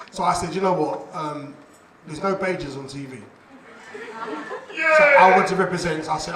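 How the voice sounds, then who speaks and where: A man performing a stand-up comedy set on a club stage, animated and laughing, shouting his punchlines. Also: sits high, a little fast, long pauses, heavy background noise. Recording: echoey club room, distant mic, loud crowd.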